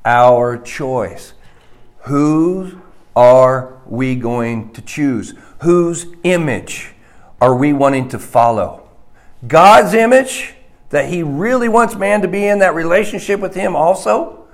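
A man preaching a sermon slowly and emphatically, dropping to a hushed voice on key points. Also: a little high, lively intonation.

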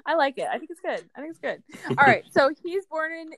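A woman's voice: high voice, animated, fast talker, creaky, a crowd in the background. A woman hosting a casual podcast chat, telling a story in a chatty, giggly way with many fillers. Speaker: podcast host.

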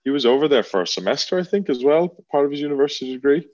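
A man's voice: fairly high pitch, animated, very fast, darkish tone, dull audio. A man co-hosting a podcast, reacting with enthusiasm in casual chat. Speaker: podcast co-host.

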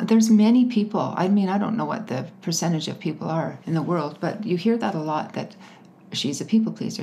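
A woman's voice: on the low side, a little hiss or hum. Candid woman telling her story. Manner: candid, laughs often, animated retelling. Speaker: guest. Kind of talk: personal story in an interview.

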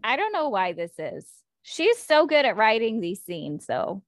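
A woman's voice: fairly high pitch, very animated, unhurried, no room sound. A woman co-hosting a casual book discussion, retelling scenes with emotional, gushing enthusiasm. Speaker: book podcast co-host.

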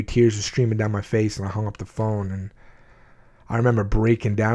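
A mellow, fairly low voice with a level tone carries this adult man's fairly quick telling of his life story. Addressing his viewers in his twenties or later, he is blunt, emotional, and prone to restarting sentences.

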